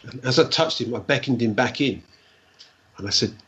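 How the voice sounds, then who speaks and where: A man, a guest telling stories in a rambling, animated way and acting out the dialogue. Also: medium pitch, brisk, slightly rough. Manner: rambling, animated storyteller who acts out dialogue. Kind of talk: casual storytelling. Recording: dull lo-fi recording.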